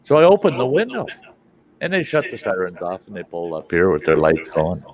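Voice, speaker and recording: This is a middle-aged man with a low-pitched voice, hosting a live stream from home. He is an animated, profane storyteller who laughs often and acts out the other people's voices. His audio comes through a dull, lo-fi call microphone. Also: brisk. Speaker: host.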